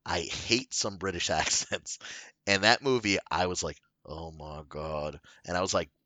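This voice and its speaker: Podcast co-host, male, low-pitched but bright and lively, dry close sound. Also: moderate pace, no room sound. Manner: animated, swears freely, jokey storytelling. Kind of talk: casual chat.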